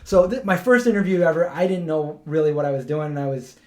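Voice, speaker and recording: Speaking quickly in a fairly high voice, a man hosts a laid-back live-stream chat. His stories wander on and on, with frequent restarts and quotes he performs himself.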